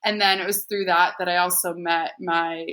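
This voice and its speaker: A woman's voice: lowish voice, little pitch movement, moderate pace, pushed and bright. A woman guest on a podcast, chatting casually and laughing often, with a lot of "like" in her speech. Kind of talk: casual chat.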